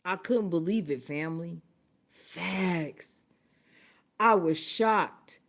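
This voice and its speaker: A woman's voice: lowish voice, takes it slowly, gravelly. Profane, laughing woman telling a story. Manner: profane, animated, laughs often while telling. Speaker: livestream host. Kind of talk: casual storytelling. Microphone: phone or webcam, livestream.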